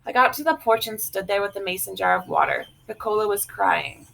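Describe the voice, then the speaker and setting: Bright-voiced woman reading a novel. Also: medium pitch, a little fast, gravelly, hardly any pauses, low-quality recording. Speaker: audiobook reader. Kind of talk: literary reading.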